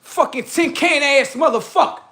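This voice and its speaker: A man's voice: very high voice, normal speed, pushed and bright. A man hosting a livestream, delivering a boastful, heavily profane rant that taunts the people he is mocking. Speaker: livestream host.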